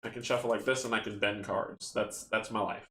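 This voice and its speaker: A man's voice: on the low side, level tone, a little fast, sharp tone. A man hosting a card game stream, reading rules aloud and chatting with viewers in a casual, self-mocking way. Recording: roomy echo with faint background noise.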